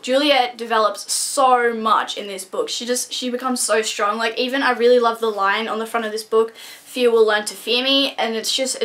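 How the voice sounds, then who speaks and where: A woman's voice: on the high side, fairly bright tone. A young woman gushing and rambling through a casual book review vlog, full of restarts and fillers.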